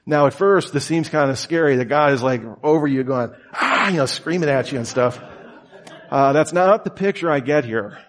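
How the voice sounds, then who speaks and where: A man preaching a conversational sermon, telling stories casually with lots of fillers and acting out quotes. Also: moderate pace. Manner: casual and storytelling, many "you know" and "like" fillers; acts out quoted voices with sudden high shouts. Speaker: pastor.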